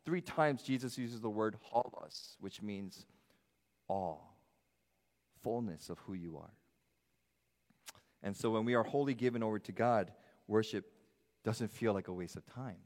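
A middle-aged man preaching a sermon as pastor, swinging from loud, high emphasis to soft, low asides. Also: measured pace, pauses often. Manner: animated preaching, rising loud then dropping soft. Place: church sanctuary. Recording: long hall reverb.

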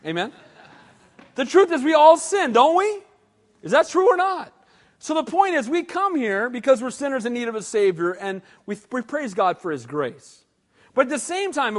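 A man preaching a sermon as pastor, animated and asking the congregation questions. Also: very high-pitched, long reverb tail. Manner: animated, asks the crowd questions.

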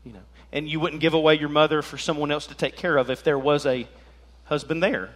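A man preaching an animated sermon as pastor, joking and swinging between loud and soft. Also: a little high, a little fast.

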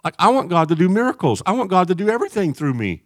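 A man preaching a sermon in an animated way, jumping between loud shouts and quiet asides. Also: high voice, quick pace, no room sound, studio quality.

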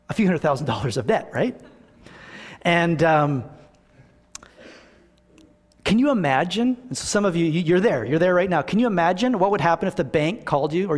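A male pastor preaching to his church in a conversational, animated way, full of rhetorical questions. His voice sits notably high. Long reverb from the church hall trails every phrase. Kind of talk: sermon.

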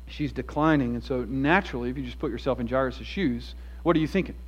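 Male pastor, earnest sermon, medium pitch, slightly muffled lo-fi audio. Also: fast talker, slightly rough. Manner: earnest, storytelling, shifts between emphatic and hushed. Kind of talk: expository sermon. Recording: dull lo-fi sound.

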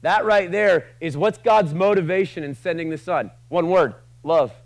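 A man with a slightly higher voice preaches a sermon to a live room. He talks casually and jokes, then builds to loud, passionate runs before dropping to quiet asides. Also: moderate pace, poor audio. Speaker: pastor.

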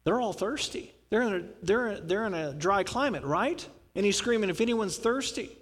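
A man's voice: high-pitched, lively intonation, normal speed, a bit bright, in a large hall. A male pastor preaching a sermon, dramatically acting out the scripture he quotes.

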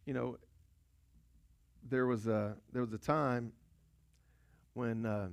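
The voice is a man's, mid-range and gravelly, steady in tone and slow in delivery. He's a pastor giving a storytelling sermon built on repetition, rhetorical questions and call-and-response.

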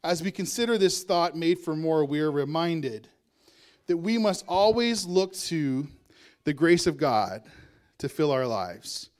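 High-voiced male pastor preaching. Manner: conversational preaching with asides and laughs. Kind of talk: sermon.

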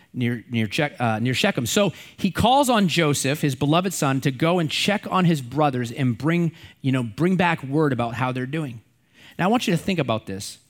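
A middle-aged man preaching a sermon in a conversational way, repeating and stressing key words. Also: fairly high pitch. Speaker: pastor.

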